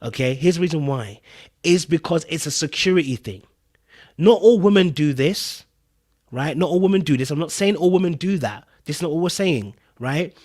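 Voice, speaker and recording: A man's voice: a little high, lively intonation, normal speed, darkish tone. A man hosting a podcast in casual commentary, talking emphatically, repeating his points and checking in with his listeners. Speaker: podcast host.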